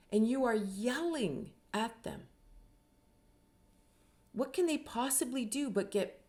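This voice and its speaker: Earnest woman with a mellow voice. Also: a little high, creaky. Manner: earnest, uses many rhetorical questions and tags with "right?". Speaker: spiritual teacher and author. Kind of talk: reflective teaching talk.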